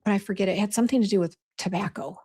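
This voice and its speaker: A woman's voice: mid-range voice, very fast, a little mellow, breathy edge. A middle-aged woman hosting a casual livestream from her home office, chatty and easily flustered as she talks straight to her viewers. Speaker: skincare formulator hosting a live show.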